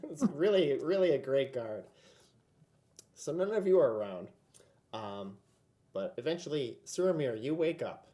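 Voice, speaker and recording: Man, game master, chatty, relaxed, lots of fillers, tabletop narration. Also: on the high side, unhurried, pauses often.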